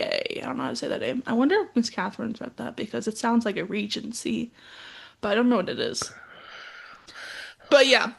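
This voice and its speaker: A young woman co-hosting a podcast, playfully chiming in with quick reactions during a book chat. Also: fairly high pitch, gravelly. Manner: playful, chimes in with quick reactions, says dude. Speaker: podcast co-host.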